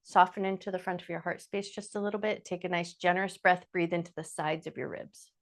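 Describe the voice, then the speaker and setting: Calm woman guiding chair yoga. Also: lowish voice. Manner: calm, slow cueing of breath and movement. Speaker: yoga instructor. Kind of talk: guided chair yoga instruction.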